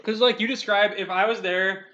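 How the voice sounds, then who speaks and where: A man's voice: high-pitched, steady tone, normal speed, bright, forceful tone. A young man co-hosting a casual podcast chat, eager and chatty, often chiming in. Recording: dull lo-fi sound.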